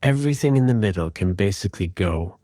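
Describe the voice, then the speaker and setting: A man calmly and methodically walking through an audio repair tutorial in voice-over. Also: lowish voice, fast, no room sound, clean studio sound. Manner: calm, methodical explaining. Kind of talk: screen-recorded software tutorial.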